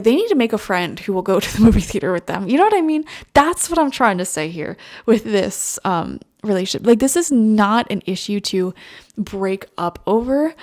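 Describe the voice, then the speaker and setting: A woman's voice: mid-range voice, darkish tone. A young woman giving a casual tarot reading, chatty and full of fillers as she talks to viewers. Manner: chatty, full of "like" and "you know". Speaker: tarot reader.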